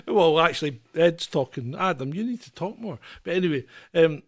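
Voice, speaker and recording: A man's voice: fairly high pitch, animated, moderate pace. A man co-hosting a comedy podcast in casual chat, rambling through stories and often laughing mid-sentence. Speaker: podcast co-host.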